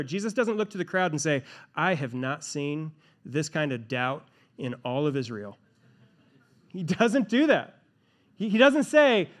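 High-voiced preacher man, emphatic. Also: a bit bright. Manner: rhetorical questions, emphatic repetition. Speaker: pastor. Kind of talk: sermon.

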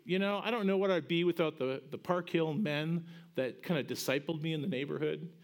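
A middle-aged pastor preaching in a lively, conversational way, his voice sitting high for a man. He pushes up into bright, emphatic peaks as he drives a point home, then drops back to easy storytelling. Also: brisk. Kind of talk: sermon.

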